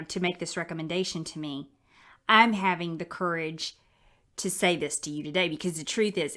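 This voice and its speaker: A woman's voice: on the low side, fairly bright tone. Heartfelt woman sharing her faith. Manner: candid, heartfelt, conversational. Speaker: Christian speaker sharing her prayer life. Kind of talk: personal faith testimony.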